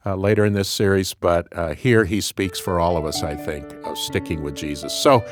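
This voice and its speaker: A man's voice: sits low, steady tone, moderate pace, over music. A man co-hosting a radio Bible program, explaining passages in a reflective, conversational way.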